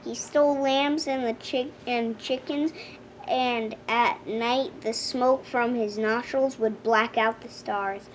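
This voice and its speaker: A woman reads a fairy tale aloud for children, taking her time and shaping each phrase expressively. Her voice sits high, and a faint hiss of background noise runs under the reading. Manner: slow, expressive storytelling. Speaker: storybook reader. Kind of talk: children's audiobook narration.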